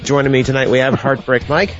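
A man's voice: medium pitch, steady tone, fairly quick, faint music behind. A man co-hosting a casual wrestling talk webcast, teasing and joking with laughs. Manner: jokey, teasing, laughs often. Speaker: podcast co-host. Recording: dull lo-fi web audio.

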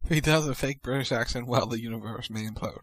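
A man co-hosting a casual podcast chat, animated and quick to banter, reading out listener questions. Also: mid-range voice, no room sound. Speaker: podcast co-host.

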